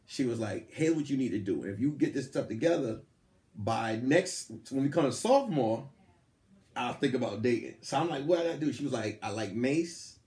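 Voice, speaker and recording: A man hosting a podcast, telling a story in casual chat and acting out the quotes. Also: brisk. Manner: animated, acts out quotes with big jumps in pitch. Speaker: podcast host. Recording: roomy echo.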